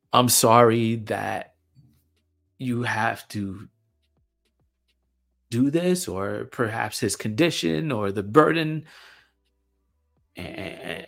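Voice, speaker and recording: Gravelly low-voiced man reflecting slowly. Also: fairly bright tone. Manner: halting, repeats words, many fillers. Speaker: podcast host. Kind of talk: reflective personal monologue. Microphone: camera mic.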